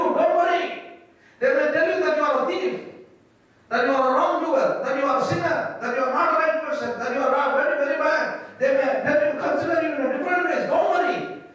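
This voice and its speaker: A man's voice: very high-pitched, fairly bright tone. A man preaching a sermon as pastor, emphatic, repeating phrases and asking rhetorical questions. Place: church hall. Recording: echoey hall, mic at a distance.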